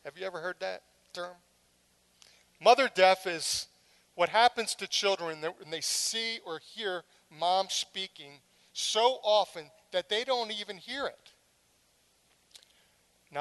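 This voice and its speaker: A middle-aged woman delivers a sermon in a lively, storytelling manner. She acts out scenes with dramatic flair and drops wry humorous asides between her points. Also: on the low side, a little slow. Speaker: preacher.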